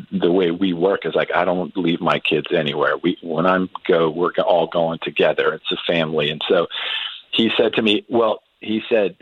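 Man, middle-aged, very low voice, halting storyteller, dry slightly dull recording. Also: breathy edge, dry recording. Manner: unhurried, halting anecdote with many restarts and ums. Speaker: guest. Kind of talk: storytelling in casual conversation.

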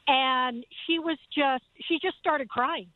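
Older lady calling in, earnest storyteller, highish voice, tinny phone line. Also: takes it slowly, no room sound. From Southern California. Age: 70s. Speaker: caller. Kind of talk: phone-in testimony.

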